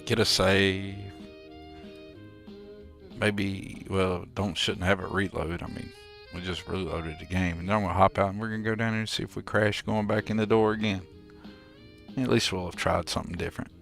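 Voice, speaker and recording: A man with a very low voice talks through a live gameplay stream. He rambles easily and good-humoredly to his chat, keeping things relaxed. Soft music plays quietly behind him. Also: moderate pace, vocal fry. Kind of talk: casual live gameplay commentary.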